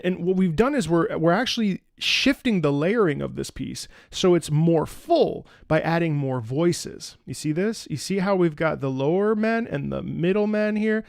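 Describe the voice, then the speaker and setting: A man hosts a casual music breakdown video, enthusiastically singing snippets and posing rhetorical questions. His fairly high voice has vocal fry and a darkish tone, recorded dry at studio quality.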